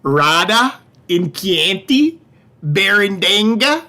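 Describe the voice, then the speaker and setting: A man putting on a broad Wisconsin accent, high and drawn out. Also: sing-song, sharp tone, exaggerated voice. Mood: hammy. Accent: put-on Wisconsin. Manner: drawn-out, hammy, laughing between words. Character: exaggerated Upper Midwest man reading place names. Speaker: wine shop host. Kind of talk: livestreamed wine tasting class.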